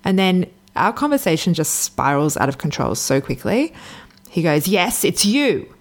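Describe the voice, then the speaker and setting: Solo podcast host, Australian woman, deep voice, candid and chatty storyteller who digresses. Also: big pitch swings, moderate pace. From Sydney, Australia.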